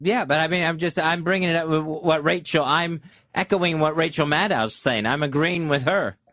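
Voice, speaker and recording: A man co-hosting a radio show, talking earnestly and haltingly with many fillers. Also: a little high, fairly bright tone, no room sound, clean studio sound. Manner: earnest, hesitant, filler-heavy. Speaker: radio co-host. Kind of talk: casual studio banter. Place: radio studio.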